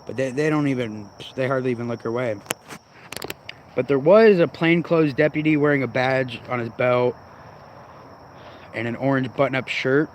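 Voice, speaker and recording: A man's voice: mid-range voice, normal speed, pauses often, slight background noise. A man vlogging in a casual, rambling way, swearing freely and sounding irritated as he goes off on tangents. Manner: profane, rambling, irritated ranting.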